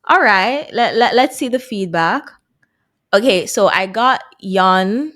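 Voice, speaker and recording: A woman's voice: medium pitch, animated, takes it slowly, a bit bright. A woman vlogging casually to her viewers as she works through a language course, chatty and laughing at her own mistakes. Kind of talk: casual vlog chat to viewers.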